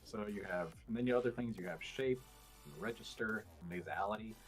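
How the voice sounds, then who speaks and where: A man's voice: on the low side, normal speed, soft background music. A man in casual podcast chat, explaining things at length with many fillers and restarts. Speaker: podcast guest.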